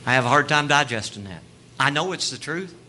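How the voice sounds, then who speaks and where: A man preaching from the pulpit, his voice bright and forceful and pitched a little high. He drops into soft, tender passages, then builds into loud, lively storytelling. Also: a little fast, a little hiss or hum. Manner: swings from hushed tenderness to loud, animated storytelling. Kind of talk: sermon.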